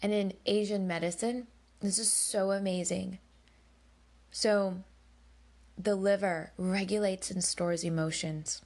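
A woman hosts a podcast and tells a personal story at a slow, deliberate pace. She is emphatic and candid and does not shy away from swearing. Her voice sits at an ordinary middle pitch. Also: steady tone, a little mellow. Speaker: podcast host.

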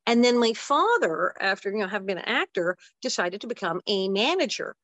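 Woman in her 60s, interview guest, animated storytelling, mid pitch, dry sound. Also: no room sound. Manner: animated, quick asides and acted-out quotes. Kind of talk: casual storytelling.

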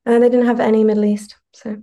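A woman's voice: a little high, little pitch movement, fast, dark tone. A young woman guest with a mixed British-American accent, chatting in a laid-back, rambling way on a podcast. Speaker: musician guest. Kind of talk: casual podcast chat.

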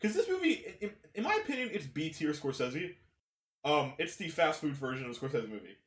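A man co-hosting a casual film podcast, emphatic and animated and swearing freely. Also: a little high, brisk. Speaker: podcast co-host. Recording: echoey room.

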